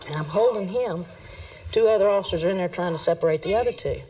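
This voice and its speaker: A woman police officer telling a work story in a brisk, plain manner. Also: lowish voice, mellow, distant mic, poor audio. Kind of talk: interview anecdote.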